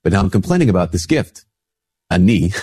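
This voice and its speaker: A middle-aged priest hosting a casual spiritual talk, stuffy-nosed from a cold, chatting easily and acting out little dialogues. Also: male voice, very animated, brisk, dark tone, slightly rough. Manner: conversational, acts out little dialogues with rising pitch. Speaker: priest and show host.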